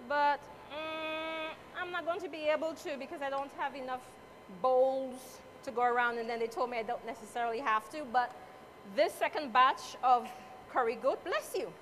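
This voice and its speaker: A woman with a high voice talks her way through a live cooking demonstration, playful and motherly as she chats with the audience and judges. She is picked up by a mic at some distance, with faint noise behind her. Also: fairly bright tone. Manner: chatty, motherly, playful asides. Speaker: cooking competitor. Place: cooking competition event space.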